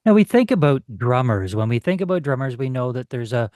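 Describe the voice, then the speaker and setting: A man's voice: mid-range voice, sing-song, fairly quick, a little mellow, no echo, clean studio sound. Upbeat male radio show host.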